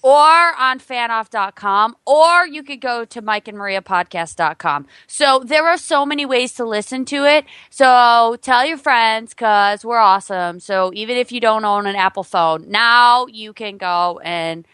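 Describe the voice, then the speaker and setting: Bright, quick-talking young woman. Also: fairly high pitch, clear, resonant tone, no room sound. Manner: teasing, quick plugs. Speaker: podcast co-host. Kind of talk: casual chat.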